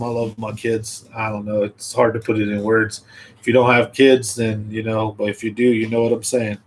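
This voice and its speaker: A man's voice: medium pitch, a little hiss or hum, rough recording. A man hosting a fishing livestream in a casual, rambling way, chatting straight to his viewers.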